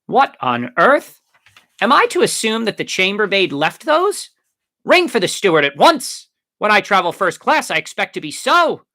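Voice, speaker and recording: A man's voice: sits high, huge pitch swings, normal speed, pushed and bright, pitched above the performer's own voice, exaggerated voice. A man voicing a haughty, slurring middle-aged earl. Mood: pompous. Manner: pompous, slurring.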